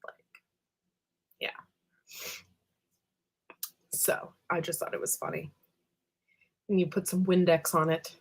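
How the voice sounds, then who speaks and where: Slow, low-voiced woman chatting on a livestream. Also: level tone. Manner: rambling, greets viewers by name one by one; lots of fillers and trailing asides. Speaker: livestream host. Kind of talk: casual livestream chat.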